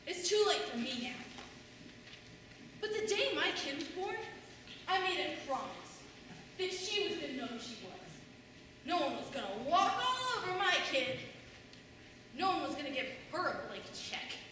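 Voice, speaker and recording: A woman's voice: sits high, sing-song, moderate pace, pauses often. Young woman playing a sardonic mother on stage. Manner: sardonic storytelling, mimics others' voices. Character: wry, bitter middle-aged mother remembering her daughter. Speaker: student actor. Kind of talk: stage monologue. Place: school stage in a large hall. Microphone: distant room mic. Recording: echoey hall from far off, faint noise.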